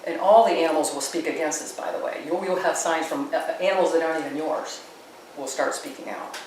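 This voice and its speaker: A woman's voice: low voice, quick pace, a little mellow. A woman guest telling anecdotes as an animal communicator, wandering into frequent asides. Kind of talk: anecdotal storytelling. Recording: echoey room, mic far off, noisy.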